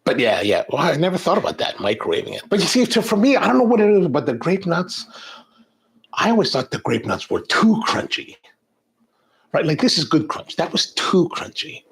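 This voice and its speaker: A middle-aged man hosting a coffee live stream, chatting in a rambling, animated way and reading viewer comments aloud. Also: a little high, brisk, creaky, husky. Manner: rambling, animated, frequent restarts. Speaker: coffee show host.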